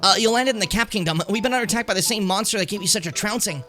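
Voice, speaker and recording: A man's voice: high voice, rapid-fire, pushed and bright, soft background music, pitched above the performer's own voice. A man reading out the lines of a polite, earnest young male hat spirit in a formal, storybook way.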